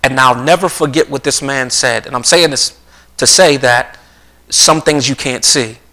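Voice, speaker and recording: A middle-aged man speaks in a bright, forward voice at an ordinary pitch. He talks earnestly on a live stream and tells stories as he goes. He often circles back and repeats phrases before finishing a thought. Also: normal speed, low-quality recording. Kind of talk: conversational talk with storytelling. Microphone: streaming mic.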